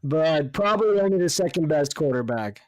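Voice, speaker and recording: A man's voice: fairly high pitch, lively intonation, moderate pace, no room sound. A man co-hosting a casual sports podcast, jokey and laughing often, with some swearing. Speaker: podcast co-host.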